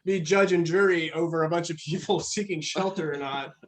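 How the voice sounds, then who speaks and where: A man's voice: a little high, a little fast, background noise. A young man in casual podcast chat, blunt and swearing, with many stammered restarts. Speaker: podcast co-host.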